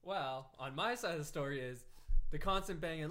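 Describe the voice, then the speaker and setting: A young man co-hosting a casual podcast, telling a story in an animated way. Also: normal speed. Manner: animated storytelling, swooping pitch. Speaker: podcast co-host. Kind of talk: casual chat among friends.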